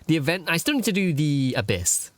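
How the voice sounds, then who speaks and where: Animated casual male streamer. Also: on the high side, fairly quick, crowd noise. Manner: chatty and rambling, swears casually, laughs often. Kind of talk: casual live gaming stream chat. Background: faint background music.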